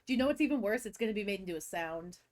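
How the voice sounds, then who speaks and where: A woman's voice: mid-range voice, very fast. Stuffy-nosed young woman telling school stories. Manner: animated storyteller who acts out kids and teachers. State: stuffed up from a cold. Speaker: podcast co-host, teacher. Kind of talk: casual chat, storytelling.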